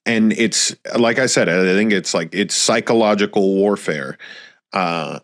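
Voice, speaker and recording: A man co-hosting a podcast gropes for his words, stopping and restarting as he shapes a question. His voice sits fairly low. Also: unhurried. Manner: hesitant, many fillers and restarts while asking questions.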